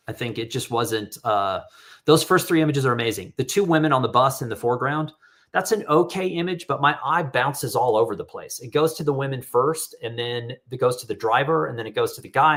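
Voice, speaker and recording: A man's voice: mid-range voice, a bit bright. A middle-aged man talking casually and candidly on a live stream, reading out audience questions and giving feedback on photos. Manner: candid, rambling, reads audience questions aloud. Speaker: photographer hosting live critique.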